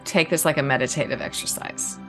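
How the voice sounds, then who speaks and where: A woman hosting a faith podcast, talking in a soft, meditative way and reading affirmations slowly with long pauses. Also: rumbling low, over music. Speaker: podcast host. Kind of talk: reflective podcast conversation and guided affirmation reading.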